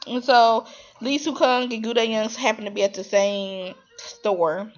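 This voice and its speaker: A woman's voice: fairly high pitch, unhurried, highs cut off. A woman casually recapping a TV drama episode, rambling with lots of fillers and restarts and slipping into quoted voices. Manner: animated, slips into quoted voices.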